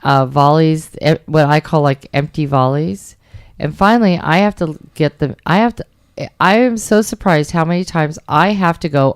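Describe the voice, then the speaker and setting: Middle-aged woman co-host, smooth low-ish voice, emphatic and animated storyteller, dry close sound. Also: normal speed, no echo. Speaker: radio show co-host. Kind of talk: casual chat about dating.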